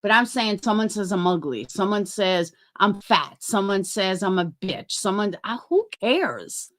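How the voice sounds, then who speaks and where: A woman's voice: mid-range voice, big pitch swings, a little slow. A middle-aged woman chatting on a livestream, rambling and swearing as she talks to her chat by name.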